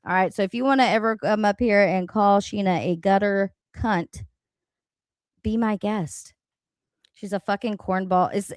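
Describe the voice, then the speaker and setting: Woman, livestream host, profane blunt rant, slow talk, dry close mic. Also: medium pitch, no echo. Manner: profane, blunt, laughing often. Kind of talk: casual live-stream rant.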